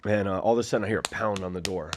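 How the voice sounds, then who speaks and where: Low-pitched and darkish, his voice races along over a faint hiss or hum. He's a former fighter in his forties appearing as a guest, rambling through his story in a casual, filler-heavy way and acting out quoted voices.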